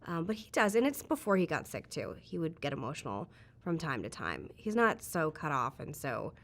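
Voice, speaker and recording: Woman, low register, candid interview guest, reflective, filler-heavy. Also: big pitch swings, normal speed. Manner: chatty, frequent "like" fillers, reflective.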